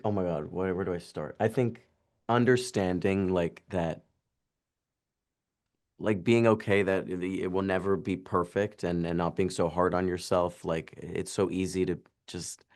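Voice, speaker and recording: A man in his twenties with a deep, slightly mellow voice, speaking as an actor in an interview. He chats casually and haltingly, full of "like," fillers, and restarts.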